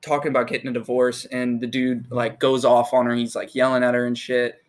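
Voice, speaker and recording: A teenage man in casual chat, profane and animated as he retells a film. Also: medium pitch, fairly quick.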